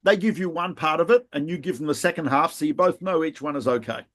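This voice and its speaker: Talking fast in a fairly high voice, a middle-aged rabbi tells spirited stories on the podcast he co-hosts. The conversation is casual, broken up by laughs and restarts.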